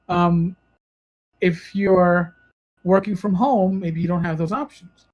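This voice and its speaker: A man with a New York accent and a high-pitched voice hosts a podcast at a measured pace, chatting casually in a rambling way and correcting himself as he goes. The audio quality is poor.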